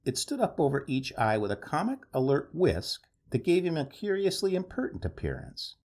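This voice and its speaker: A man narrating a story aloud in an expressive, animated reading style. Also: fairly high pitch, normal speed, husky.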